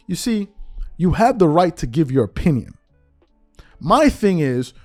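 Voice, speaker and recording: Hosting a commentary show, a man with a slightly high voice delivers emphatic, opinionated sports takes in slangy, conversational language. He fires off one rhetorical question after another.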